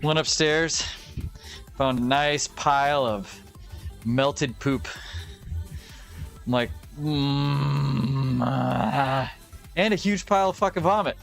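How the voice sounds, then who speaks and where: A man's voice: fairly high pitch, measured pace, long pauses, soft background music. A young adult man telling profane, ranting stories in casual chat while streaming. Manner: profane, ranting, animated storytelling.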